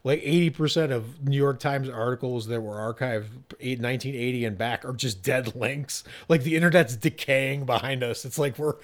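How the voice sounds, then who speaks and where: A man co-hosting a casual film discussion, animated, swearing and laughing often as he talks. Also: mid-range voice, normal speed, few pauses.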